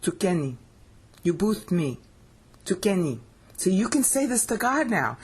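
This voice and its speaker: A woman's voice: medium pitch, big pitch swings, a little slow, long pauses, darkish tone, breathy edge. A woman giving a screen-share scripture lesson, explaining step by step with emphasis and often checking that the listener follows. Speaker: Bible teacher.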